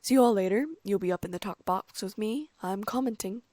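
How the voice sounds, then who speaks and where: A woman voicing a jovial, blustering middle-aged male official, loud and chummy in manner. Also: mid-range voice, brisk, dry recording, clean studio sound, close to an everyday voice. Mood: boisterous.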